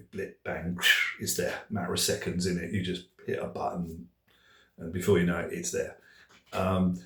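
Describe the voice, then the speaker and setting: A man's voice: on the low side, darkish tone. A middle-aged man telling a comic story in a rambling, self-deprecating way, with many hesitations. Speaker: speaker. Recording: distant, echoey room.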